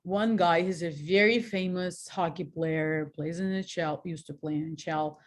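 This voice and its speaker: This is a woman in her forties with a Russian accent, opening up about her own life as a guest. Her voice sits somewhat low, and she talks frankly and with animation. She laughs at herself and often stops to restart her sentences. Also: fairly even intonation, a little slow. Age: 40s. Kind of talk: candid personal storytelling.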